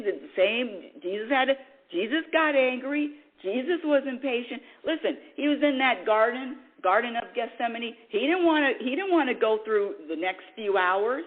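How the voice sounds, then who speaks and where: A woman hosting a spiritual call-in radio show, preaching in an animated way and acting out quoted voices. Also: mid-range voice, slightly rough, phone-quality sound. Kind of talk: spiritual talk radio monologue.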